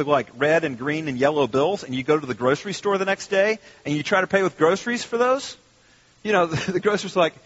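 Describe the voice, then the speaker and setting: Middle-aged male pastor, fairly high husky voice, lively sermon delivery, dull lo-fi recording. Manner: animated, conversational preaching with sudden loud mock outbursts.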